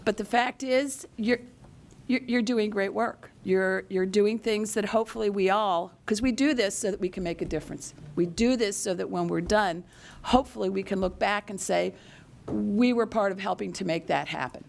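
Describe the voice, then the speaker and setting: A woman chairing a committee meeting, thanking members with many halting restarts. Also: mid-range voice, creaky, a little hiss or hum. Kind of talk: formal meeting remarks. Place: meeting room.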